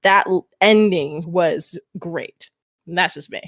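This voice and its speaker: Lively woman guest, dry close sound. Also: on the low side, takes it slowly, no echo. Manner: lively storytelling, laughs mid-sentence. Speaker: podcast guest. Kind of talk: casual chat.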